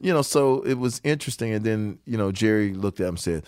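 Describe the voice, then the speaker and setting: Deep-voiced older man telling stories. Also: fast, few pauses, clear, resonant tone, no room sound, clean studio sound. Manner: animated storyteller, quotes people, laughs often. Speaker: musician telling stories as a guest. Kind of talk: casual storytelling interview.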